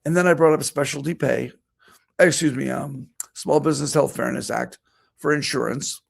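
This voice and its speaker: Middle-aged male vet with a heavily gravelly, mid-pitched voice, relaying a personal story in a speech. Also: fairly even intonation, moderate pace. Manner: storytelling, quoting himself and others. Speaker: veterinarian giving a talk.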